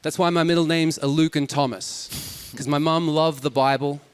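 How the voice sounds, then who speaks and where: A man in his thirties with a faded Australian accent, performing a deadpan stand-up comedy set on stage. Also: fairly high pitch, moderate pace, smooth. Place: stage with live audience.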